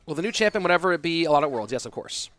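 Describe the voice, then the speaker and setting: Slightly high-voiced male esports caster. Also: animated, very fast, a bit bright, no room sound, soft background music. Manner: loose and conversational, thinking aloud. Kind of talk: casual stream chat reading viewer questions.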